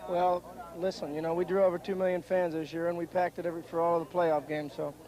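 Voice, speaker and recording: A man giving a hoarse, rambling, grateful postgame TV interview after a win. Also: on the high side, level tone, fast, darkish tone, low-quality recording. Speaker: ballplayer interviewed after winning. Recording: 1970s TV broadcast with crowd noise.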